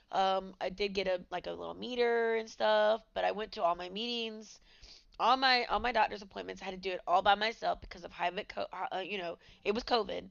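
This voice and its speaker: A woman's voice: mid-range voice, gravelly, smooth, no echo, dull audio. A woman in her thirties hosting a podcast, telling her own story in a candid, conversational way. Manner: candid, conversational, with many fillers. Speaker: podcast host. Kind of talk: personal storytelling.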